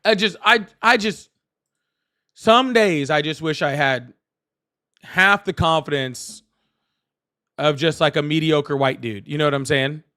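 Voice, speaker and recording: A man hosting a live call-in political stream, animated, laughing often and thanking viewers. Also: a little high, measured pace, long pauses. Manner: apologetic, excitable. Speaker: livestream host.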